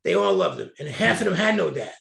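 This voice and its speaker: A man's voice: a little high, wildly swooping pitch, fast talker, gravelly, fairly bright tone, soft background music. A middle-aged man from New Jersey, a guest telling candid, colorful stories in an interview. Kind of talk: storytelling interview. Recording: roomy echo.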